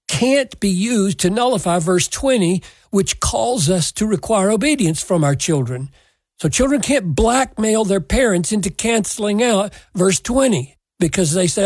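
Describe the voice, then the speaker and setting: Brief: male Bible teacher, slow, deliberate, husky, dry close mic. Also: high voice, animated, a little mellow, no echo. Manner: measured, emphatic, deliberate.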